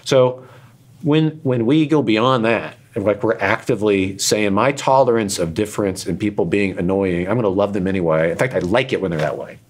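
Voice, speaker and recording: Deep-voiced guy rambling through personal stories, earnest, kinda self-deprecating, gets choked up. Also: normal speed. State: emotional, choked up in places. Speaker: interview guest, author and radio host. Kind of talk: candid personal storytelling.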